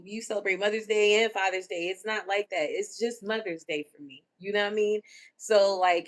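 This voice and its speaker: A middle-aged woman hosts a live stream in a loose, chatty way, reading out viewers' comments and reacting openly. Her voice sits at an ordinary pitch for a woman, and her talk is emotional and personal. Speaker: livestream host. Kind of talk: casual livestream chat.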